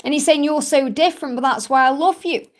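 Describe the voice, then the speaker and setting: A woman with a high, light voice hosts a live card reading and answers viewers' questions. She sounds soothing and keeps calling each viewer honey. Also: a little fast. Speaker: tarot card reader.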